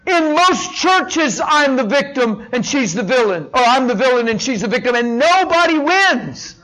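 A middle-aged man preaching a sermon as pastor, impassioned, dropping to a hush and rising to shouts. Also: very high voice, very animated, normal speed, poor audio. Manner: impassioned, swings from hushed to shouting.

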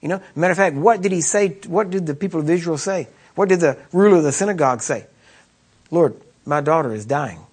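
A man's voice: high voice, quick pace, few pauses, darkish tone, husky. A man preaching a sermon in a conversational way, often asking the congregation rhetorical questions. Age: adult with children.

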